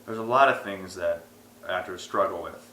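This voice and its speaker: A young man with a low, bright voice talks through his acting life in a casual interview. He tells his stories with animation and acts out the people in them. The recording has a roomy echo. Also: normal speed, a little hiss or hum. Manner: animated storyteller, acts out quotes. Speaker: aspiring actor being interviewed.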